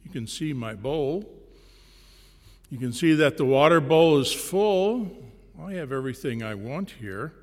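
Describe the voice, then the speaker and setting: A man voicing a stubborn chained male dog in a story within a sermon, answering in flat, unbothered replies. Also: fairly high pitch, unhurried. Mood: matter-of-fact. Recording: long reverb in a large hall.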